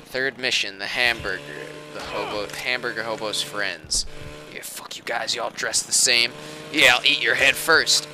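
A man giving loud, goofy running commentary over a video game, swinging between squeals and low mutters. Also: a little slow, music in the background. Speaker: gaming let's-player. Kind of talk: loud comedic gameplay commentary.

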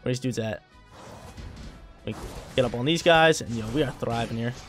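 A man's voice: medium pitch, normal speed, soft background music. A man giving live gameplay commentary, hyped and trash-talking, often repeating his phrases.

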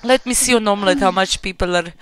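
A woman's voice: mid-range voice, fast talker, clear, resonant tone, no echo. A tipsy woman with a Croatian accent streams a shooter game, chatting playfully with teammates and laughing constantly. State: tipsy from drinking. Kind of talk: live gaming stream chat.

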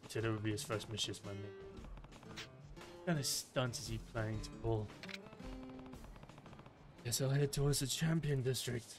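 A man voicing a gruff, stoic male yakuza veteran in low, curt lines while reading game dialogue aloud. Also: moderate pace, pauses often, over music, lightly acted.

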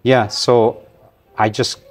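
A man in his sixties with a light Scottish accent worn down by travel, telling a long story in a relaxed way and acting out what other people said. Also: medium pitch, takes it slowly. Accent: light Scottish, softened by travel. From Scotland. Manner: relaxed anecdotal storyteller, acts out the voices of others. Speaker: podcast guest. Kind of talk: long-form storytelling interview.

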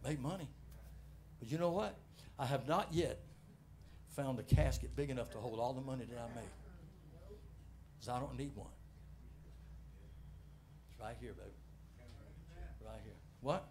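A middle-aged man with a Southern US accent preaching a sermon in church, folksy and animated, moving between loud exhortation and quiet asides to the congregation. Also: medium pitch, normal speed, gravelly, long pauses, slight background noise. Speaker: pastor. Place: church sanctuary.

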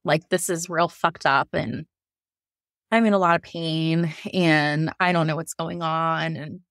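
A woman guest on a podcast, telling a personal story candidly in a lively way, often acting out what people said and leaning on "like" as she talks. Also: low-pitched, unhurried, dry recording, clean studio sound. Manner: animated, acts out what others said; frequent "like" and quoted self-talk.

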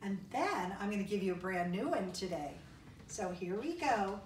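A woman's voice: medium pitch, animated, slight background noise. A woman teaching a kindergarten music lesson, cheerful and encouraging, singing and clapping rhythms with the children. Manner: cheerful, sing-song, slow and encouraging, spells and claps along. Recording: echoey room, voice from a distance.

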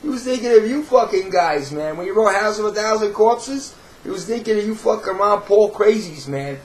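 A man's voice: sits high, animated, moderate pace, rough recording. A man with a New York accent, ranting to camera in a profane, sarcastic, rambling way with many restarts. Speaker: video blogger.

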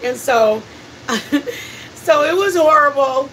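A woman's voice: sits high, takes it slowly, distant mic, poor audio. A woman hosting a cooking stream, chatting and laughing as she tells family stories. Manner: chatty, laughing, animated storyteller. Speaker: cooking channel host. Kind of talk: casual storytelling while cooking on a live stream.

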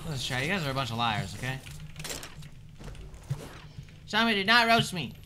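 A young man streaming live, chatting with his viewers in a joking, sarcastic way and swearing often as he swings between mutters and shouts. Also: mid-range voice, big pitch swings, normal speed, background noise. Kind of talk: casual live-stream chat, answering viewers. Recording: game stream with clear background music.

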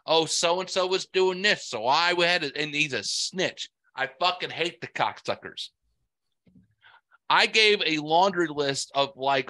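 A man's voice: a little high, pushed and bright, dry recording. A man hosting a podcast, ranting angrily and cursing constantly in casual chat. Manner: profane angry ranting. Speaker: podcast host.

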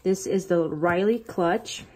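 Gushing, husky-voiced woman vlogger. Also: lowish voice, takes it slowly. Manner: gushing, excitable and rambling. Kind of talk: casual unboxing vlog. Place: bathroom at home.

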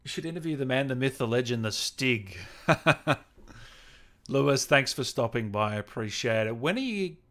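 A man's voice: mid-range voice, lively intonation, normal speed, fairly bright tone. A man hosting a gaming livestream interview, chatting casually, reading out viewer comments and laughing often.

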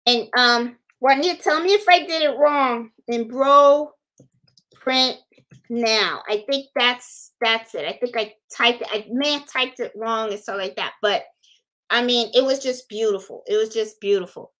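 A woman's voice: on the high side, unhurried, fairly bright tone. A woman from Puerto Rico hosting a casual crafting livestream, chatting, thinking aloud and greeting viewers by name. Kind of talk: casual live-stream chat.

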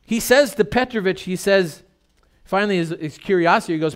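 A man's voice: a little high, a little fast, smooth. A middle-aged male pastor preaching a sermon in a conversational, storytelling way with rhetorical questions.

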